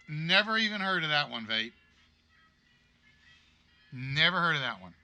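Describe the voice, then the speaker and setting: Bright-voiced joking game show host, a man. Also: a little high, sing-song, unhurried, long pauses, faint music behind. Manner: chatty, joking, reads out players' guesses. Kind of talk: live-streamed game show hosting.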